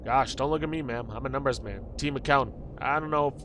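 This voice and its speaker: A man's voice: medium pitch, fast talker, fairly bright tone, slight background noise, lightly acted. A man voicing a timid, apologetic male team accountant.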